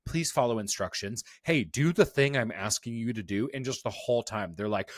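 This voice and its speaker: A man's voice: mid-range voice, moderate pace, few pauses, dry recording, studio quality. A man co-hosting a TV review podcast in casual chat, telling stories animatedly and acting out quotes. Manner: animated storytelling, acts out quotes. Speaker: podcast co-host.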